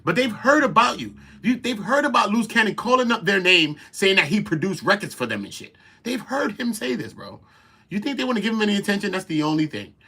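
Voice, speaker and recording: A man hosting a casual commentary show, talking in an animated, profane and incredulous way. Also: high voice, fairly quick, slightly rough. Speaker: commentary host.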